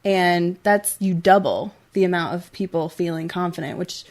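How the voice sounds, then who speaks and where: A woman's voice: on the low side, moderate pace, a little mellow. Earnest young woman talk-show co-host. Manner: earnest, many "like" fillers, gets emotional. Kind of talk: casual heartfelt talk-show chat.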